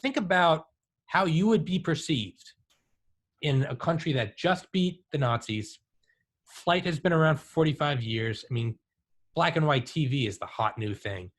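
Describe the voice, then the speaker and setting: A man's voice: a little high, normal speed. A man in his thirties hosting a casual talk, telling stories with lots of "like" and "dude". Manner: animated storyteller, says "dude" and "like". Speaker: podcast host. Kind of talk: casual conversation.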